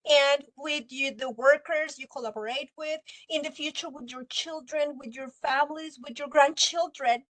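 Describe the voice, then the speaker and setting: A woman teacher closes her semester with a heartfelt farewell. Her voice sits high and she sounds close to tears while she encourages her students. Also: low-quality recording. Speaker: university teacher. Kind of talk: emotional farewell class talk.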